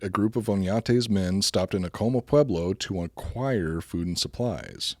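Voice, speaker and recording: A man's voice: low-pitched, big pitch swings, unhurried. A man hosting a podcast, telling history in casual, blunt, profane chat. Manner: blunt, profane, laughs at his own jokes. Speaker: podcast host.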